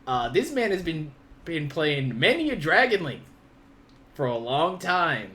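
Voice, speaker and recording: High, bright-voiced man hosting a podcast. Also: very animated, measured pace, slight background noise. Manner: laughing, teasing, acts out friend's quotes. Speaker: podcast co-host. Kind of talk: casual chat.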